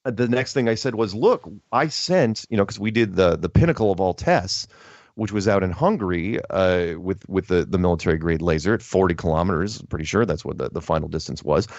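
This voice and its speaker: A man chatting casually, telling an animated story that is full of restarts and quoted lines. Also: sits low, fast, dry recording. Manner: animated storytelling, quoting others, many restarts. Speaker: podcast host. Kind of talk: casual chat. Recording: dull lo-fi audio.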